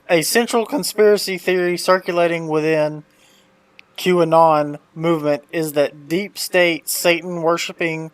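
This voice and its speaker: A man's voice: a little high, no room sound. A man reading search results aloud during a casual chat, a bit stiffly, tripping over words. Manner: reads stiffly, trips on words.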